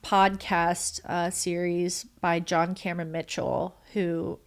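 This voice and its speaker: A woman in her thirties appears as a podcast guest in a casual interview chat, using lots of fillers and laughing often. Her voice sits on the low side, level, clear and resonant, and she takes it slowly.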